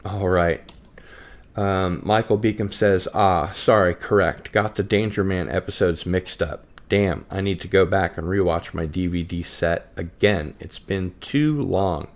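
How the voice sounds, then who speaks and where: A relaxed man with a very low, deep voice hosts a laid-back live podcast. He chats easily and reads out viewer comments between topics. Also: a little slow. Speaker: podcast host. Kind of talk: casual live-stream chat.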